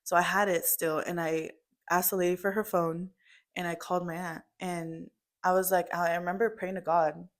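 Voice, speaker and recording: A woman's voice: fairly low pitch, flat delivery, moderate pace. A young woman telling her mother a family story in casual chat, full of "like" and "um" fillers.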